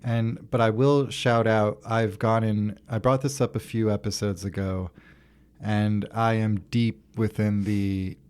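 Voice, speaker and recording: A man's voice: on the low side, flat delivery, unhurried, a little mellow, clean tone. A man co-hosting a casual podcast chat, with dry remarks and eager recommendations. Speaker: podcast co-host.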